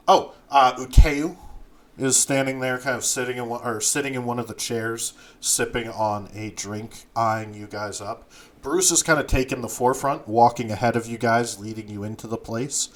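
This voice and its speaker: A man narrating a tabletop game as game master, unhurried and full of fillers. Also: medium pitch.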